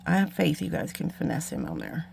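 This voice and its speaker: A woman hosts a beading tutorial in a casual, chatty way. She mocks herself and mutters asides while working, and her voice has a gravelly, creaky texture. A faint hum sits behind her. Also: sits low, huge pitch swings, a little fast, a little mellow. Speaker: beading channel host. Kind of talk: casual craft tutorial chat.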